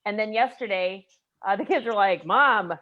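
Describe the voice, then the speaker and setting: A woman in her forties from the United States, telling a personal story in a casual group chat, animated and emotional. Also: mid-range voice, moderate pace, muffled recording. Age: 40s.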